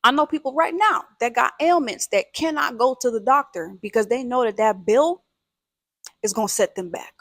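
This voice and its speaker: A woman's voice: fairly high pitch, normal speed, no room sound, studio quality. A woman who is a mother, hosting a casual vlog, talking in an emphatic, conversational, slangy way. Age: adult, a mother. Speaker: video host.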